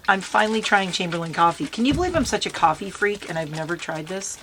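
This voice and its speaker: A woman's voice: lowish voice, lively intonation, a little fast, few pauses, a bit bright. A woman chatting casually with her viewers as she does her makeup outdoors in a light breeze. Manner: chatty, bubbly, talks to viewers while doing makeup. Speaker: beauty vlogger. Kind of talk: casual makeup tutorial chat.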